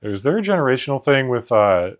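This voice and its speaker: A man's voice: mid-range voice, sing-song, brisk. A young man co-hosting a podcast, rambling through anecdotes in casual chat and mimicking voices. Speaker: podcast co-host.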